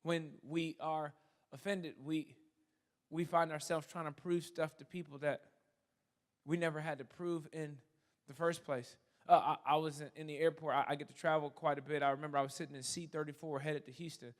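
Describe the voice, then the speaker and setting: High-voiced, lively young man preaching. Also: normal speed. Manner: animated, playful storytelling with rising excitement. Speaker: guest preacher. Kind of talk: sermon with storytelling. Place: church stage.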